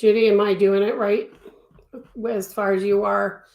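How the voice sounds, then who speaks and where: Streaming a crochet tutorial from her home craft studio, a woman answers viewers chattily and repeats words to stress them. Her voice is mid-range, gravelly and darkish, with little pitch movement and a slightly slow pace, in an echoey room.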